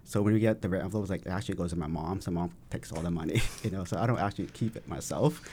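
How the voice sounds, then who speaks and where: Fast-talking deep-voiced young man. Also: slight background noise. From Vietnamese family in the US. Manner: relaxed, many fillers and laughs. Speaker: podcast guest. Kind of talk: casual chat.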